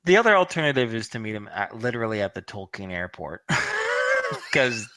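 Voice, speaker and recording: A man's voice: medium pitch, huge pitch swings, normal speed, sharp tone, no room sound. A man running a tabletop game as game master, narrating the scene and teasing his player with laughs. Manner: playful, teasing, laughs often.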